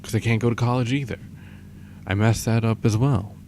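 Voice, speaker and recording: A young man talking in a downcast, halting, self-deprecating way in a confessional audio diary. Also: mid-range voice, fairly even intonation, a little mellow, slight background noise. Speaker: vlogger.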